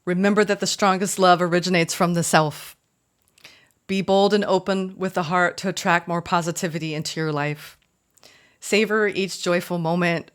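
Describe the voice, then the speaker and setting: A woman's voice: fairly low pitch, fairly even intonation, moderate pace. A woman giving a spiritual tarot reading, effusive and choked up, calling her viewers y'all. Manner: warm, effusive, emotional, addresses viewers as y'all. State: choked up, tearful. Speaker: tarot reader.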